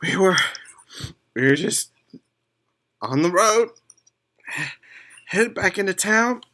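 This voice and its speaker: A man's voice: high voice, expressive, takes it slowly, bright, forceful tone, pitched above the performer's own voice, exaggerated voice. A man voicing a raggedy, mud-soaked male elf who pleads in a frantic, stammering panic.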